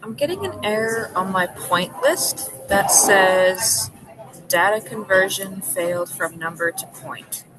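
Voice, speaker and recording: A woman's voice: mid-range voice, animated, takes it slowly, background noise. A woman student on a remote call, politely asking short questions about an error in class.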